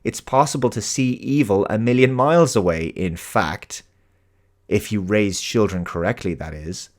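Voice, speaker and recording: A man's voice: lowish voice, normal speed. An Irish man hosting his own show, delivering an earnest, emphatic opinion monologue. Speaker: host.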